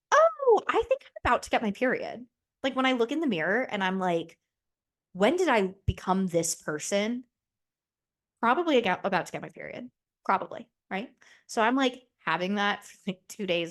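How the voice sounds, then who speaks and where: Chatty, candid young woman podcaster. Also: medium pitch. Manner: chatty, candid and profane, acts out quoted voices. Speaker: podcast host. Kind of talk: casual solo podcast chat.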